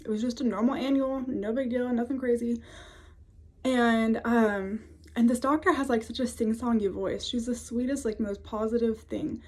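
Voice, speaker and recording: A woman's voice: on the high side, steady tone, moderate pace. A woman of twenty-five, telling a personal story to camera in a casual, chatty way from her home office. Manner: chatty, many fillers, laughs often. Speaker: vlogger.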